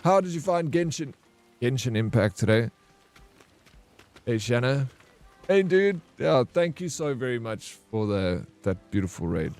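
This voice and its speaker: A man's voice: medium pitch, big pitch swings, measured pace, long pauses, a little mellow. South African man hosting a game stream, teasing banter over faint background music. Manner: joking, teasing banter, greets and thanks viewers. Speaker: variety streamer. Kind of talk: casual live-stream chat while gaming.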